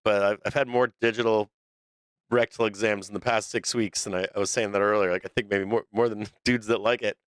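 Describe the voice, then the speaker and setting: A man's voice: lowish voice, little pitch movement, fairly quick, no room sound. A middle-aged man hosting a stock market livestream, talking in a blunt, profane, rambling way full of restarts. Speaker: stock market show host. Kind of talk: casual livestream rant.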